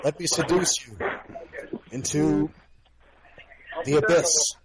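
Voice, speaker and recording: A man putting on a mock-seductive baritone crooner. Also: fairly even intonation, crowd noise. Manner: mock-seductive, slow and drawn out. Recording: noisy podcast call.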